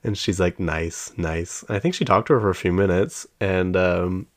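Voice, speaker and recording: A man with a very low voice hosts a solo podcast from his home podcast room. He tells stories in an easygoing, wandering way, full of fillers and asides, and laughs often as he goes. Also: brisk. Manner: rambling, drifts off topic with many fillers; chatty storyteller who laughs often. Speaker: podcast host. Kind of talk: casual solo podcast chat.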